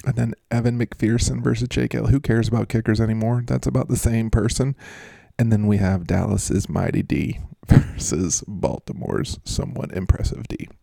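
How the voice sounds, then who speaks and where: A man's voice: lowish voice, normal speed, vocal fry, dark tone, no room sound, clean studio sound. A man hosting a casual fantasy football breakdown, joking, rambling and mocking himself as he goes.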